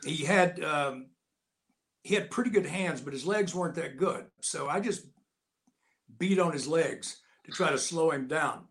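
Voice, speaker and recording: An older man spins a lively anecdote as a guest, and his voice sits a touch high for a man. He jumps into the voices of the people in his story as he goes. The talk is loose and conversational. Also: unhurried. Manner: lively anecdotal, acts out quotes. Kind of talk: casual storytelling.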